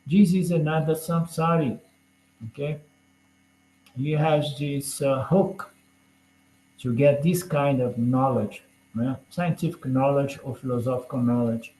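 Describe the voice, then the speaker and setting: A man's voice: medium pitch, unhurried, warm tone, slight background noise. A man teaching a scripture class in a conversational lecture style. He tosses in "you know?" and light jokes as he explains. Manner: chatty, peppers points with "you know?" and jokes. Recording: roomy echoey room.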